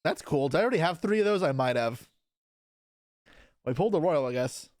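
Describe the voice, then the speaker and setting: A man's voice: fairly high pitch, expressive, fairly quick, a little mellow, no echo. A young man chatting casually on a live stream, answering his chat aloud while opening card packs, with offhand swearing. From Canada.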